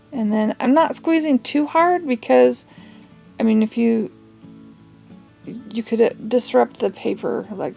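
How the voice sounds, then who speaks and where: A woman's voice: on the high side, vocal fry, mellow. A woman hosting a casual craft tutorial, chatty and rambling, with asides and little laughs as she works.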